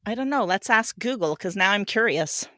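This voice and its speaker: A woman's voice: medium pitch, animated, moderate pace, background noise. A woman co-hosting a podcast in casual chat, laughing often and reading game cards aloud. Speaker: podcast co-host.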